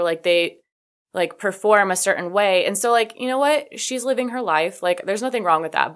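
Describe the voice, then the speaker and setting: A woman hosting a podcast, telling a story in a casual, chatty way, with many "like" fillers and sassy asides. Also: on the low side. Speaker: podcast host.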